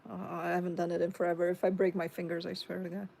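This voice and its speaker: A tarot reader with a Chicago accent hosts a live stream, casually chatting as she reads viewer comments aloud and answers them. Her low voice has gravelly fry and a darkish tone, delivered quickly and completely flat, with slight background noise.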